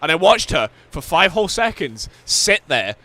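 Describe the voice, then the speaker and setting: A Scottish man chatting casually on a gaming live stream, with a forceful, bright voice pitched a little high. He curses constantly and breaks into laughter mid-story. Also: very animated, moderate pace. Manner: swears constantly, laughs through his stories.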